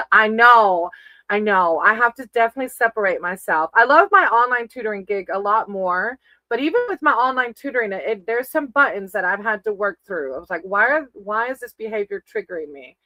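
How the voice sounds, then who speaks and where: A woman's voice: mid-range voice, animated, a little fast, sharp tone, no room sound, low-quality recording. A woman giving casual live-stream tarot readings, chatty and affectionate, calling her viewers sweetie and baby. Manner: chatty, reads names off a list.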